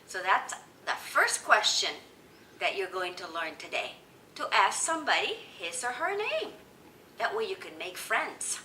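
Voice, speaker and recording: A woman teaching children, speaking slowly with exaggerated sing-song prompts for them to repeat. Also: mid-range voice, sharp tone, far from the mic, slight background noise. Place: indoor room, teaching with picture cards. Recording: echoey room, voice from afar.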